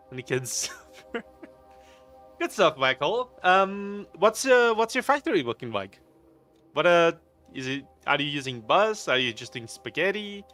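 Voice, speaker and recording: A man hosts a live game stream, talking to his chat in a loose, jokey, rambling way and laughing often. His voice is bright and sits a little high. Soft music plays faintly behind him. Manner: laughs often, greets chat viewers by name. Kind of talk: casual live stream chat while gaming.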